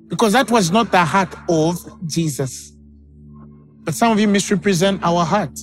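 Preaching man, dramatic and animated. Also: high-pitched, moderate pace, faint music behind. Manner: dramatic, acts out quoted voices. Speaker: pastor. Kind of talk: sermon.

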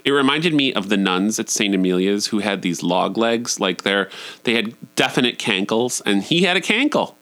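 A man in his thirties telling a candid, profane personal story, often jumping up high in pitch. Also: fairly bright tone.

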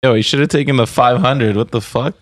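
A man's voice: mid-range voice, a little fast. Laid-back man hosting a podcast. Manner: laid-back, swears, laughs along. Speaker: podcast host. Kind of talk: casual chat.

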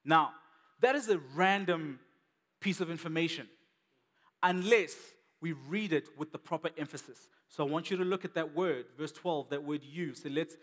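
A man's voice: on the high side, normal speed, fairly bright tone, in a large hall. A man preaching a sermon as a pastor, conversational and emphatic, repeating key words for weight.

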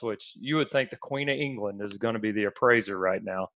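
A man's voice: mid-range voice, fairly quick, hardly any pauses, dry recording. Laid-back man telling a story, dry sound. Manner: laughing, storytelling. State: under the weather. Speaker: podcast co-host. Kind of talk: casual chat.

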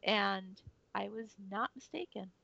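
A woman's voice: medium pitch, measured pace, creaky, pushed and bright, no echo. A woman co-hosting a casual podcast chat, enthusiastic and full of fillers. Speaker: podcast co-host. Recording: dry dull lo-fi audio.

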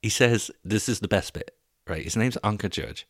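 Deep-voiced man telling stories. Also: moderate pace, dry recording, studio quality. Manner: animated, swearing, laughing at his own stories. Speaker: podcast host. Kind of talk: casual comedic monologue.

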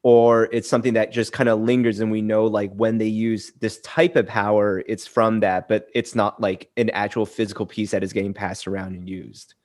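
A man's voice: on the low side, level tone, moderate pace, few pauses, darkish tone. Chatty man musing in casual talk. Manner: thoughtful, chatty, many "like" fillers. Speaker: podcast co-host. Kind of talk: casual chat.

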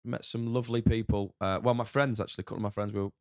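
A man's voice: fairly low pitch, fairly even intonation, racing, no room sound, studio quality. A man with a northern English accent, a chef talking frankly in a casual podcast interview, swearing a lot and rambling. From north of England. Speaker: chef guest.

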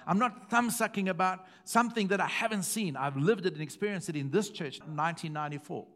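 A middle-aged man preaching, his voice sitting a little high for a man. He repeats words for weight and drops to a hush before climbing back to a loud call. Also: quick pace. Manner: emphatic, repeating phrases, swings from hushed to loud. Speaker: pastor. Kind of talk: sermon.

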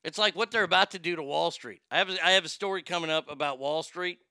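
A man hosting a casual livestream, reading chat comments aloud and going off on blunt, opinionated tangents. His voice sits a little high and very bright, crisp and clear. The sound is dry and close. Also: fast talker, no echo. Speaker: show host.

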